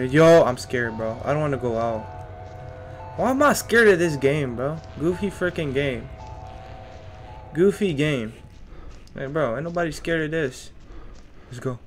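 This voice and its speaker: A man's voice: medium pitch, unhurried, pauses often, faint music behind. Jittery young man playing a horror game. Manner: jittery, scared, talks to himself and the monster; slangy, keeps saying bro. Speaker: gaming streamer. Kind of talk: horror game let's play commentary.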